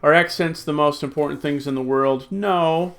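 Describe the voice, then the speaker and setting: Gravelly male Greek teacher. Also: fairly high pitch, steady tone, fairly bright tone. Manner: drills word forms slowly, then reads rules out; thinks aloud with many ums and uhs. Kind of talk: recorded classroom lecture.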